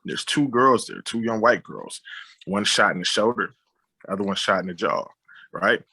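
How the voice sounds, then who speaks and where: A man's voice: on the low side, normal speed, husky. A man, a director and writer, telling a personal story in an interview, acting out sounds and quoted voices as he goes. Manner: animated retelling with sound effects and quoted dialogue. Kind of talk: conversational storytelling.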